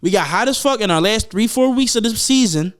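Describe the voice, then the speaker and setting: A young man hosting a podcast, chatting casually and profanely, getting animated and louder as he gets excited. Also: high voice, fairly quick. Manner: animated, profane storytelling, rising loud when excited. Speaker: podcast host. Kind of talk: casual chat.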